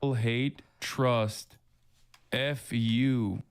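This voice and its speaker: A man's voice: mid-range voice, steady tone, smooth. Man reading chat aloud on a livestream. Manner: reads chat messages in a mocking tone, laughs often, fast asides. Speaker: livestream host.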